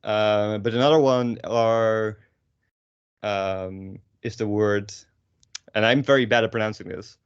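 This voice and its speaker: A young Dutch man with a Dutch accent, teaching pronunciation in a relaxed, rambling way with casual swearing and lots of fillers. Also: fairly low pitch, slow, clean tone, no room sound, lo-fi sound. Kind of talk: casual language lesson.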